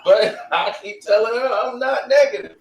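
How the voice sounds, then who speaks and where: A man chatting casually as co-host, animated, laughing often and acting out quotes. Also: extremely high pitch, normal speed, creaky. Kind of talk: casual chat. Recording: echoey room, distant mic, noisy.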